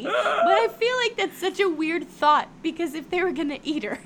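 A woman's voice: extremely high pitch, expressive, moderate pace, few pauses, fairly bright tone, slight background noise. A young woman co-hosting a casual book chat, giggly and laughing often while chiming in with quips. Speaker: podcast co-host.

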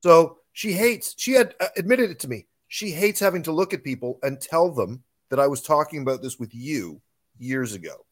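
A man with a fairly high voice co-hosts a casual podcast chat. He talks emphatically, often with a sarcastic edge. His delivery sounds fired up. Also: lively intonation, moderate pace. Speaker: podcast co-host.

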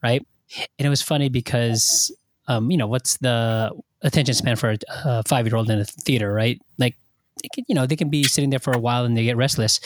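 A man's voice: mid-range voice, no room sound. Guy rambling about a movie, lots of ums and restarts, dry close mic. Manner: rambling, animated retelling with many fillers and restarts. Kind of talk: casual chat.

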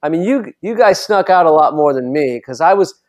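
A man's voice: fairly high pitch, animated, a little fast, a little mellow. Rambling, profane man telling old stories. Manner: swearing, rambling storyteller. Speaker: podcast co-host. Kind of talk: casual chat.

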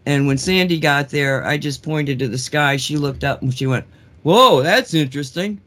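A man hosting a radio talk show, telling a story in a casual, excited way with frequent restarts. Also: mid-range voice, normal speed.

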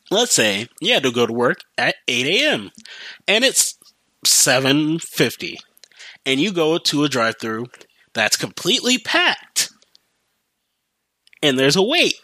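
A man's voice: fairly high pitch, pushed and bright, dry recording. A young man hosting his own podcast, ranting profanely in a casual solo monologue and mimicking other people's voices. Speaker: podcast host.

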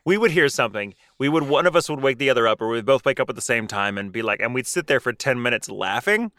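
An animated man with a bright, ringing voice reads spooky stories and banters with his co-host. His pitch swings widely as he acts out quotes. The sound is dry and close. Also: fast, dry recording. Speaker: podcast co-host reading listener stories. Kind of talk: casual chat and story reading.

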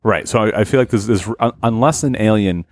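A man's voice: fairly low pitch, a little fast, no echo. A man co-hosting a casual podcast chat, rambling and swearing as he tells a story with many restarts. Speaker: podcast co-host.

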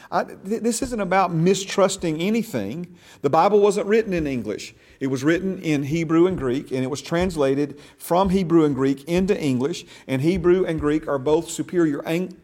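A man's voice: on the high side, darkish tone. A man teaching a church discipleship class, talking casually and animatedly, often restarting words and checking in with "okay?" and "amen?". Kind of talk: conversational Bible teaching. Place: church classroom, also streamed online.

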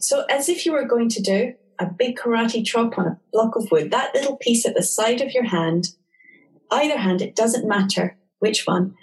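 A woman calmly and gently explaining a tapping technique step by step in an interview. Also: a little high, poor audio. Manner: calm, gentle instructional talk. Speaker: tapping therapy practitioner.

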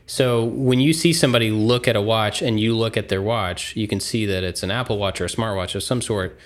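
A man with a lowish voice talks casually with a friend on a podcast. He is easygoing and reflective, working through his thoughts as he speaks. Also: brisk. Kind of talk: casual chat.

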